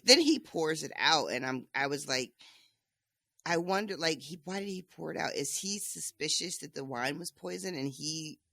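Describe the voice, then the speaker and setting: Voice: medium pitch, expressive, normal speed, gravelly, pushed and bright, dry recording, studio quality. A podcast co-host casually recapping book chapters, laughing often.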